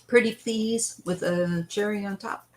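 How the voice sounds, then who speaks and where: A woman's voice: mid-range voice, steady tone, measured pace, rough recording. A woman hosting a live tarot stream who chats loosely, greets viewers by name and wanders between thoughts while reading the cards. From western United States.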